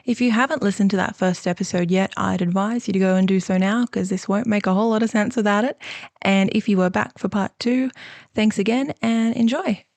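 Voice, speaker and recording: A woman's voice: medium pitch, a little fast, a little mellow, no room sound. A woman host reading a short, welcoming podcast intro. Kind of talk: scripted intro.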